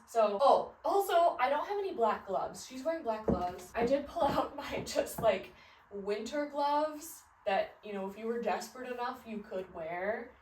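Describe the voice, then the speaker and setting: Sounding slightly high yet darkish in tone, this fashion vlogger from the American Midwest rambles chattily through her closet's outfits, laughing and using lots of fillers. She's in her thirties. The room is audible, the mic sits a bit far off, and there's slight background noise.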